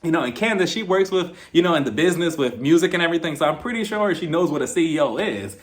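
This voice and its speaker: Talking fast in a fairly high voice, a man who reviews reality TV recaps a show casually. His retelling is animated and dramatic, packed with exclamations.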